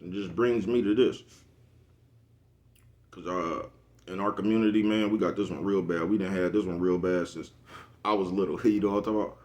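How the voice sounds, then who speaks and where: A man's voice: low voice, fairly even intonation, fairly quick, long pauses, darkish tone. A man, talking casually to camera, rambling, repeating "you know what I'm talking about" and laughing at his own jokes. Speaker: vlogger. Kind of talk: casual monologue.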